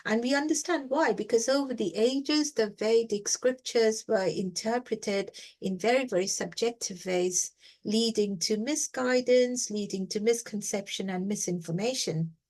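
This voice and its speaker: A woman's voice: on the high side, unhurried, darkish tone. A woman teaching a reflective scripture reading class in an emphatic way, repeating words for stress and often saying "you know".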